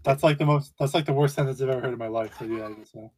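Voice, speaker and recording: A man's voice: medium pitch, rapid-fire. A young man co-hosting a casual podcast, laid-back and a little hesitant, with dry remarks. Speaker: podcast co-host.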